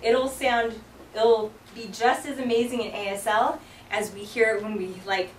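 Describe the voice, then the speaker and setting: Young woman teacher chatting to her class, lots of likes and ums, slightly high voice, far from the mic in an echoey room. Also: normal speed, slight background noise. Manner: chatty, lots of "like" and "um", acts out lyrics. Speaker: sign language teacher. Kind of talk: casual classroom explanation. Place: classroom with students.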